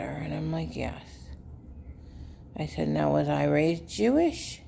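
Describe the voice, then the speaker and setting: A woman telling viewers a rambling family story in a casual, unhurried way with many fillers. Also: low voice, lively intonation, vocal fry, warm tone, a little hiss or hum. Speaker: vlogger, caregiver daughter.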